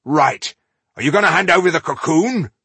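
A man voicing a gruff, hot-tempered male dwarf warrior who hurls insults and curses. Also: medium pitch, lively intonation, normal speed, sharp tone, no room sound, voice pushed up, exaggerated voice. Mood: scornful.

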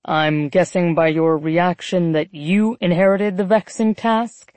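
A woman's voice: fairly low pitch, steady tone, unhurried, darkish tone, no echo, close to an everyday voice. A woman voicing a cold, arrogant male newsroom boss who talks in a clipped, menacing, condescending way.

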